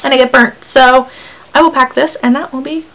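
A woman's voice: high-pitched, steady tone, normal speed, a bit bright, rough recording. A young woman vlogging in a casual, chatty, upbeat way as she unboxes beauty samples, with frequent ums and likes.

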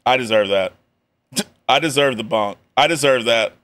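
A man's voice: medium pitch, a little slow, a bit bright. Young guy streamer riffing on a video, slangy and jokey, laughs a lot. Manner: joking, slangy, laughs often. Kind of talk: casual reaction commentary.

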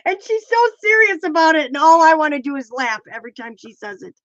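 A woman's voice: sits high, sing-song, fast, a bit bright, no echo. A woman with a stuffy, congested nose chatting casually on a craft livestream, giggling and reading out viewer comments. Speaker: co-host. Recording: dull lo-fi online call audio.

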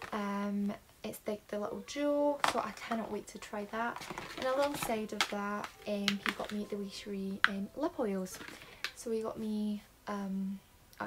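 A woman's voice: mid-range voice, very noisy. A nineteen-year-old woman with a Scottish accent, chatting casually through a beauty haul with lots of um fillers. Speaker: beauty vlogger.

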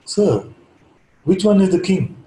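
A man's voice: high voice, animated, slow, mellow, a little hiss or hum, pitched above the performer's own voice. A man voicing a humble old guru disguised as a beggar, asking innocent questions in a spoken parable, in an echoey room. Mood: meek questioning.

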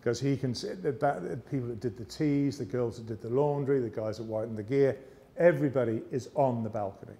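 An English man giving a motivational speech on stage, telling a lively story and slipping into other people's voices. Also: mid-range voice, a little fast, hardly any pauses. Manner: lively yarn-spinning with character voices. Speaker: motivational speaker. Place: arts centre stage, live audience.

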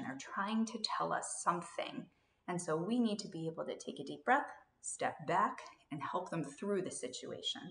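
A woman with a lowish voice gives a scripted parenting lesson. She talks calmly and steadily and sometimes acts out a parent's gentle lines. Her voice rings in a roomy, echoey space. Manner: calm, steady explanations with acted-out parent lines. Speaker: parenting educator. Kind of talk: scripted instructional talk.

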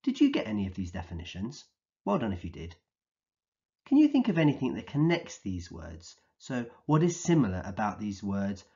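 A man teaching a recorded vocabulary lesson for young children, speaking slowly and clearly in an encouraging way and acting out the words he defines. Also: fairly low pitch, wildly swooping pitch, mellow, dull audio. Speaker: early years teacher.

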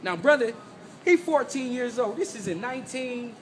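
A man's voice: very high-pitched, expressive, normal speed, slight background noise. A man giving an emphatic, profane street rant, repeating himself and checking in with his listeners. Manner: emphatic, profane, repeats "you know what I'm saying". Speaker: host.

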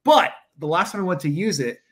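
A man co-host in a casual podcast chat, venting with swearing. His voice sits slightly high. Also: animated, fairly quick, a bit bright.

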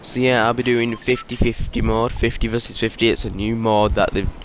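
A man's voice: medium pitch, level tone, a little fast, highs cut off, slight background noise. A man giving casual, rambling gameplay commentary, half asleep and easily startled. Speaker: gaming YouTuber.

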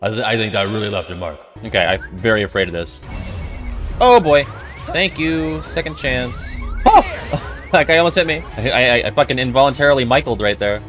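A man giving casual gameplay commentary, excitable and quick to swear, yelping and exclaiming at the action. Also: mid-range voice. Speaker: let's play commentator. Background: game music.

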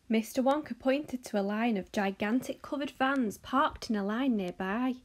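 A woman reading a children's novel aloud, narrating in an expressive storytelling manner. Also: a little high, normal speed.

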